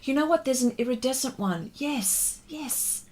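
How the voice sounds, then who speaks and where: A woman's voice: sits high, animated, a little slow, darkish tone. A woman artist chatting casually with viewers during a livestream pastel demonstration, greeting them and laughing often.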